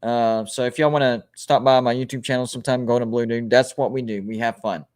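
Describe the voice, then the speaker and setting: A man's voice: medium pitch, steady tone, brisk, a little mellow. A man hosting a casual sports live stream, reading out ranked lists and viewer comments, rambling and often correcting himself. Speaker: sports livestream host.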